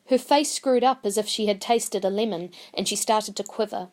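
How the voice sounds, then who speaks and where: A woman's voice: moderate pace, a little mellow. New woman reading a short story. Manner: voices characters with rising pitch and Māori phrases. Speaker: narrator.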